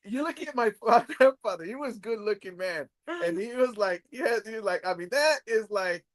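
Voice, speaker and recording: A man's voice: high-pitched, normal speed. A middle-aged man from Texas, a comedian hosting a casual chat, telling family stories with laughs and acted-out quotes. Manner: animated, laughing, acts out quoted voices. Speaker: comedian host.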